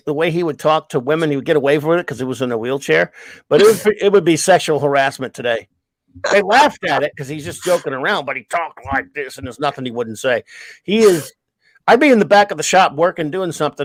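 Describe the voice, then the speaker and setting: A middle-aged man with a fairly high voice tells long, rambling, profane stories in a casual host's chat. His voice sounds dry and close, with no room around it. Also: no room sound. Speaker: livestream host.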